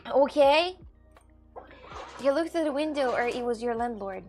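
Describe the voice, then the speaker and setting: A woman livestreamer chatting casually with her viewers and answering their questions, halting, with many fillers and restarts, and swearing casually. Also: high voice, expressive, darkish tone, faint music behind. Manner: answers chat questions aloud. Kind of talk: casual stream chat.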